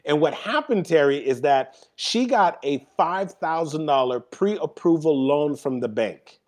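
Animated male storyteller on a podcast. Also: on the high side, measured pace. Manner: animated storyteller, acts out quotes. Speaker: guest speaker.

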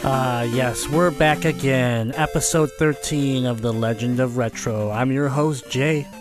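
A man hosting a casual retro gaming podcast, laughing often and reading ads briskly. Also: medium pitch, music in the background. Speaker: podcast host.

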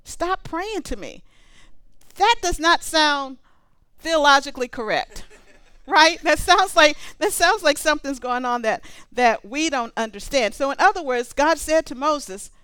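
Animated high-voiced woman preaching. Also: measured pace, no echo. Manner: animated, conversational, reads scripture aloud. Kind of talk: sermon.

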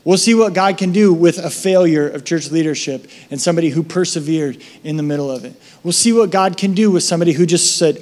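A man pastor preaching a sermon, telling stories with lively acted-out voices and dropping soft for reflective moments and prayer. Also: fairly high pitch, fairly quick. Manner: animated storytelling, acting out voices in his anecdotes.

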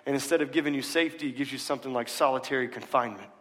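Casual, emphatic preacher in a big echoey hall. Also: male voice, mid-range voice, rapid-fire, a bit bright. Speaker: pastor. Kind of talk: sermon. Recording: long reverb of a large hall.

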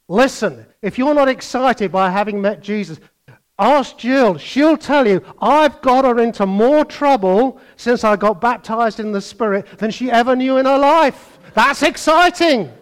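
An older man's animated sermon veers from loud outbursts to quiet asides as he imitates other voices. His voice is very high, and he takes his time.

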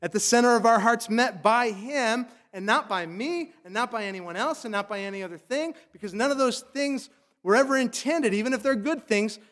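A man's voice: very high-pitched, normal speed, fairly bright tone. A man preaching a sermon as a pastor, emphatic and loose, often saying "like".

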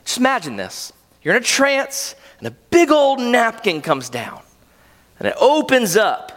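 A man's voice: very high-pitched, huge pitch swings, a little slow, a bit bright, long reverb tail. A man preaching a sermon as a pastor, telling the story vividly and with animation.

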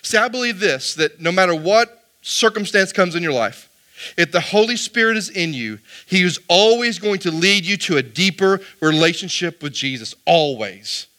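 Guy preaching a sermon, high pitched, super bright and sharp, keeps asking the congregation questions. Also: lively intonation, normal speed. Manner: fires rhetorical questions at the congregation; reads scripture aloud between remarks. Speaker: pastor.

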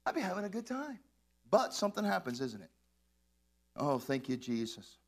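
A man preaching a sermon, animated and playful, swinging into shouts and laughs as he tells the story. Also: on the high side, normal speed. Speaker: pastor.

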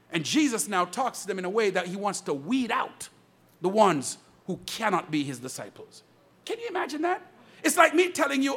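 A man's voice: high voice, very animated, normal speed, fairly bright tone, slightly rough. A male pastor preaching a fervent sermon from the pulpit, calling out to his congregation. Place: church pulpit.

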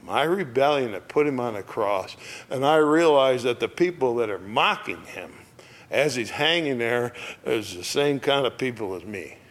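A man preaching a reflective sermon, lingering over phrases and dropping to a near hush at moments of emphasis. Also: mid-range voice, lively intonation. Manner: slow, reflective, dropping to a hush on key words.

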